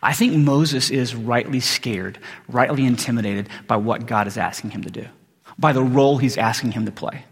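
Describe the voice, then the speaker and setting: A pastor delivers a sermon in a casual, conversational way, often saying "like" and "right?" and restarting his sentences. His voice is mid-range and husky at a normal speed, heard with long hall reverb in a church sanctuary.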